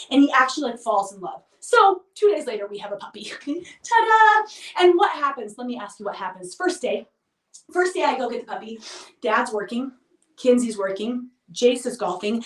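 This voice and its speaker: High-voiced mom vlogging, chatty and self-mocking, echoey room, mic kinda far off. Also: female voice. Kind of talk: casual storytelling to camera. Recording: roomy sound, mic at a distance.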